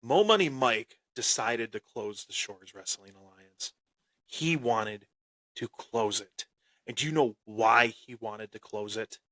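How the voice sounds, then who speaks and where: A man hosting a wrestling podcast and telling a story with boastful heel bravado. He breaks into sudden loud bursts and often repeats and restarts his phrases. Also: medium pitch, unhurried, dry recording. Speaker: podcast host.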